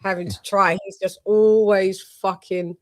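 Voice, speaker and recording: A woman hosting a casual boxing stream, telling lively stories and swearing freely. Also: medium pitch, unhurried. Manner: animated storyteller, swears freely, acts out quotes. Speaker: host. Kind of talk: casual chat on a livestream.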